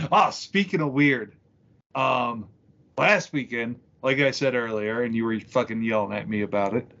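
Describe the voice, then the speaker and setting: A man's voice: mid-range voice, measured pace, pauses often, a bit bright, lo-fi sound. A man co-hosting a podcast, telling stories casually and swearing as he goes. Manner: casual, profane storytelling. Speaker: podcast co-host. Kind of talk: crude comedic podcast banter.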